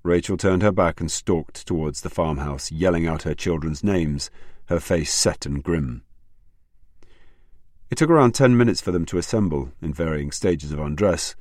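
A male narrator reads a novel aloud in a steady, measured way. His voice sits very low, and the recording is dry and close with no room sound. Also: dry recording. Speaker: audiobook narrator. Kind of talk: scripted narration.

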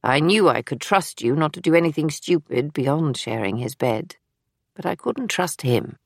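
A brisk older spymaster with a dry, matter-of-fact edge and a lowish voice, as a woman reads her in an audiobook. The recording is close and dry. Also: lively intonation, creaky, slightly rough, no echo, full character voice. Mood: guarded. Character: older woman, former wartime intelligence officer, brisk and wry. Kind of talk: audiobook character reading.

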